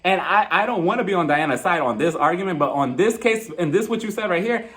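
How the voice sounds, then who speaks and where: A man's voice: high voice, animated, fast talker, fairly bright tone. A man giving a casual recap of a reality show episode, acting out the cast members' lines in exaggerated voices.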